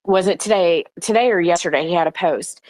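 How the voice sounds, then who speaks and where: A woman's voice: on the low side, a little fast, darkish tone, dry recording. A woman hosting an online audio chat room, talking bluntly and heatedly in a casual way and swearing often.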